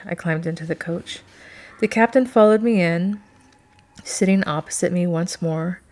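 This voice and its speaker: A woman narrating a first-person romance novel in a steady, expressive reading. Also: lowish voice, moderate pace. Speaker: audiobook narrator.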